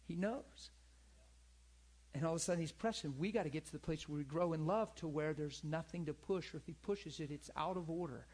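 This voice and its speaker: A man's voice: fairly high pitch, a little fast, darkish tone. A man preaching a sermon in a conversational, earnest way, often calling for agreement. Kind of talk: sermon with personal story.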